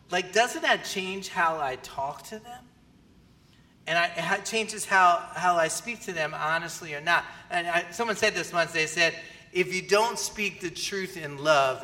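A man preaching a sermon as pastor, animated and often asking the audience questions. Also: sits high. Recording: long hall reverb.

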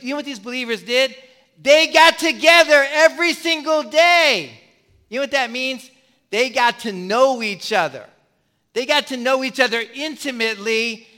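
A man's voice: sits high, sharp tone. A man preaching a sermon to his congregation, emphatic and repetitive, addressing the listeners directly. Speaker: pastor.

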